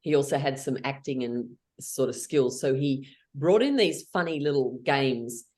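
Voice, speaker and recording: A woman's voice: extremely low pitch, moderate pace, darkish tone. A woman guiding an online laughter yoga workshop over a video call, playful and laughing often as she cheers people on.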